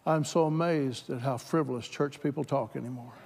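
A man preaching a sermon, moving from plain talk to loud, fervent exhortation. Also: a little fast, vocal fry, slightly rough. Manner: builds from plain talk to shouted, high-pitched fervor. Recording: hall reverb.

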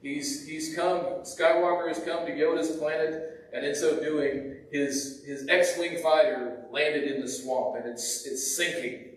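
Higher-voiced preacher, echoey and distant. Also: male voice, fairly even intonation, slow pace. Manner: conversational, with restarts and repeated words. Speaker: pastor. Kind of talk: sermon. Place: church sanctuary. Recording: echoey church from far off.

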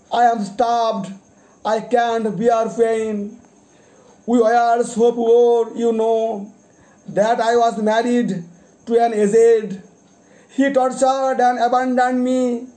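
Very high-voiced man reciting poetry slowly. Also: flat delivery, warm tone. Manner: deliberate, repeats titles and page numbers; explains each poem after reading it. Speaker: poet.

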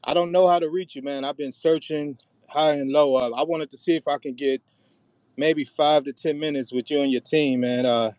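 A man calling into a live show, a songwriter speaking in a friendly, relaxed way. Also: on the high side, normal speed, no room sound. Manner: friendly, relaxed, laughing easily. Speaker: caller and songwriter.

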